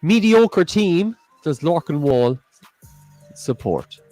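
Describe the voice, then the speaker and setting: A man's voice: a little high, very animated, slow, mellow, no room sound, faint music behind. An Irish man in his thirties co-hosting a live quiz stream from home, bantering and laughing. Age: 30s. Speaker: quiz co-host. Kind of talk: casual live-stream chat.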